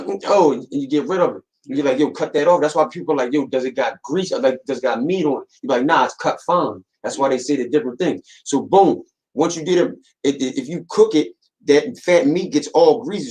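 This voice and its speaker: A young man co-hosting a podcast talks casually, slangy and emphatic, often repeating himself to make his point. His voice is a little high with a darkish tone, and the recording is low quality.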